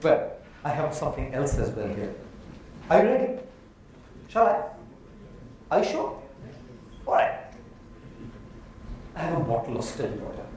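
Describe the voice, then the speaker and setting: A man with an Indian accent giving an animated motivational talk to a live audience, asking them questions as he goes. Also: fairly high pitch, unhurried, long pauses, a little hiss or hum. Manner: animated, asks the audience questions, uses props. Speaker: motivational speaker. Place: large hall with a live audience. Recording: echoey hall from far off.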